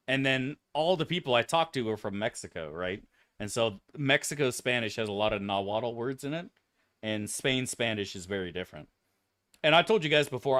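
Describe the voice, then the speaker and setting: A man streams a game and talks straight to his chat, swearing freely and joking as he plays. His voice is bright and animated, with pitch moving all over. The sound is close and dry. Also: no echo. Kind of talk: casual gameplay commentary.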